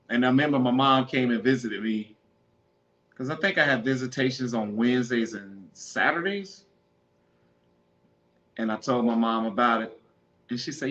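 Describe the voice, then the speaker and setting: A man's voice: mid-range voice, moderate pace, long pauses, fairly bright tone, highs cut off. A middle-aged man hosting a podcast, telling casual stories in a slangy, playful way, laughing often and repeating himself. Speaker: podcast host. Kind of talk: casual storytelling monologue.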